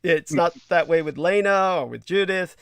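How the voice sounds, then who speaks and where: A man's voice: fairly high pitch, normal speed, a bit bright, smooth, no echo. A man hosting a livestream, talking in a digressive, crude and emphatic way with many restarts. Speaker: livestream host. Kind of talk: rambling livestream talk.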